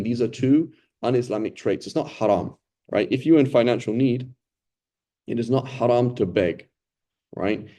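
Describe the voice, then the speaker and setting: A man with a low, mellow voice teaching a relaxed Quran lesson. He talks conversationally and keeps asking "right?" to check in with his listeners. Now and then he acts out the people he describes. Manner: conversational, often ends points with "right?"; acts out quoted complainers and beggars. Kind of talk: casual explanatory Quran lesson.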